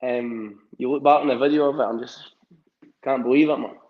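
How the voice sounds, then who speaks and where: A man's voice: medium pitch, steady tone, fairly quick, dull audio, background noise. Young Scottish man, rambling chat. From Scotland. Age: young adult. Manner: rambling, many fillers and restarts. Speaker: amateur boxer, guest. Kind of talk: casual interview chat.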